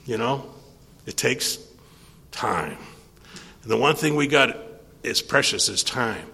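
An older man speaking at a recovery meeting, telling a rambling, animated story and acting out the conversations in it. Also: medium pitch, moderate pace, husky. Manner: rambling, animated storyteller who acts out dialogue. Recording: long hall reverb.

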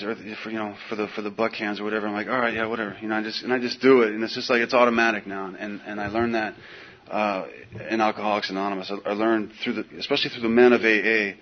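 Husky man telling a casual recovery story. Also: on the low side. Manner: casual, slangy, animated storytelling with many fillers. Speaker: recovery meeting speaker. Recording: dull lo-fi recording.

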